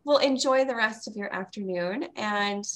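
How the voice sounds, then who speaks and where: A woman's voice: mid-range voice, moderate pace. A woman in her forties hosting a podcast, gushing and enthusiastic toward her guest. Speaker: podcast host. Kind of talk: casual interview chat.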